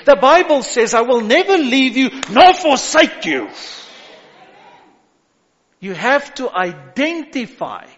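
Male pastor, sermon delivery, slow and deliberate, lo-fi hall recording. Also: very high-pitched, fairly bright tone. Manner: preaching with rising exhortations and call-outs. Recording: echoey hall, dull lo-fi sound.

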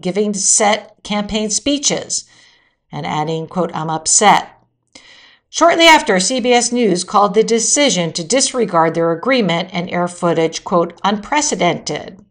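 Brief: woman host reading news recap, mid-pitch, quotes verbatim, dry asides. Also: a bit bright. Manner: occasional self-corrections mid-sentence. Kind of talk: reading a weekly news summary.

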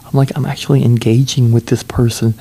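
A man telling a rambling, amused story about a trip in a casual vlog, with lots of fillers and restarts, sometimes dropping into a hushed whisper. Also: mid-range voice, level tone, a little fast, breathy edge. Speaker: solo traveler telling a story.

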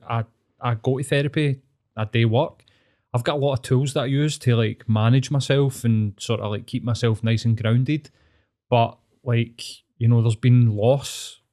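Off duty, a therapist from Glasgow spins a long personal story in casual conversation, rambling, swearing freely and leaning on fillers. His voice is mid-range with a darkish tone.

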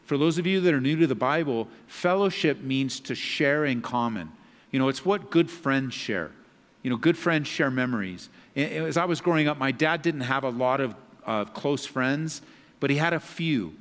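A man preaching a sermon, swinging between loud emphatic passages and hushed, low scripture reading. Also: animated, normal speed. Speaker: pastor. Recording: long reverb of a large hall.

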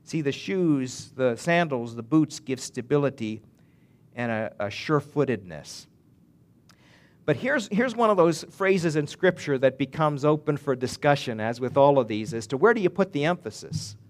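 A man's voice: medium pitch, lively intonation, normal speed. A male pastor preaching a sermon in an earnest way, building to emphatic swells and often restarting his phrases.

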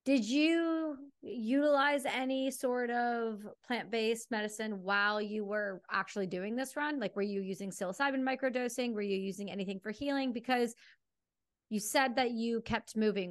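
A woman's voice: a little high, moderate pace. A woman hosting a podcast, asking a guest a string of curious questions in a casual interview. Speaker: podcast host.

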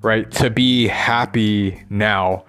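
A man's voice: on the low side, steady tone, extremely slow, a bit bright, smooth, faint music behind. A man thinking aloud in a rambling personal monologue, restless and swearing as he questions himself.

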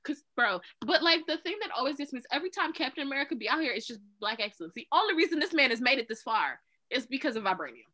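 A woman's voice: high-pitched, sing-song, fast talker, pushed and bright, rough recording. A woman co-hosting a podcast, chatting casually in a playful, slangy way. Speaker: podcast co-host. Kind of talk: casual chat.

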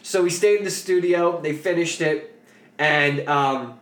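A man hosts a podcast and tells a story in a loose, jokey, profane way. His voice sits a little high for a man. The room around him gives a noticeable echo. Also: measured pace, fairly bright tone. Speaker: podcast host. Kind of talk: casual storytelling chat.

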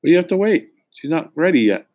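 A man's voice: on the high side, big pitch swings, a little fast, dull audio, pitched above the performer's own voice. A man voicing an anxious, exasperated young mother with a raised, urgent voice. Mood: patient.

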